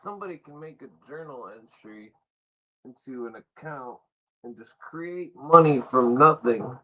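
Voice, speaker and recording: A man's voice: mid-range voice, expressive, measured pace, a crowd in the background, poor audio. A man hosting a livestream, delivering an angry, sarcastic political rant full of swearing. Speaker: livestream host.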